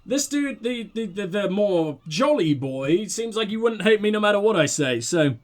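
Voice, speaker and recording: A man's voice: high-pitched, sing-song, normal speed, few pauses. A man casually commenting on a game as a let's play host, joking at his own expense. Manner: casual, self-deprecating.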